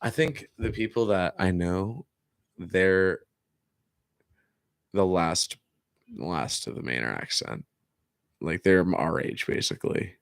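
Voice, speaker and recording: A man's voice: low-pitched, expressive, takes it slowly, gravelly, pauses often, no room sound, clean studio sound. A young man hosting a podcast in casual chat, laid-back and laughing often, with plenty of "like" and "dude". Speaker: podcast host.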